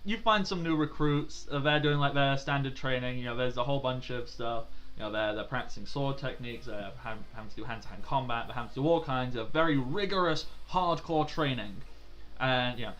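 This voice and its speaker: A man's voice: mid-range voice, fairly quick, fairly bright tone. A man narrating as game master of a tabletop role-playing game, chatty with frequent fillers and laughs.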